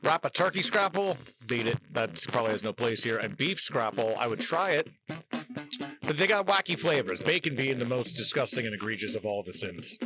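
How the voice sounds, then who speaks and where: Lively, wry man hosting a tasting show. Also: medium pitch, brisk, over music, low-quality recording. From New Jersey. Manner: chatty, wry, joking. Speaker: host. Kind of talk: casual food-tasting vlog.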